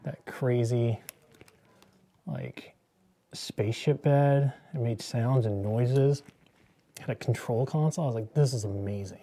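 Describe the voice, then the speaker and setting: A man's voice: medium pitch, slow, long pauses, warm tone. A man in his thirties hosting a casual painting demo, joking and rambling into movie tangents as he works.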